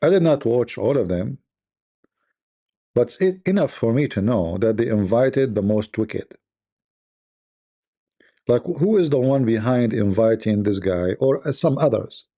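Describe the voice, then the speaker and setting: Scornful gravelly-voiced male commentator. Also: medium pitch, animated, measured pace, long pauses, dark tone. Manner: scornful, rhetorical questions, repeats himself. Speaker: online commentator. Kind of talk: casual live-stream commentary.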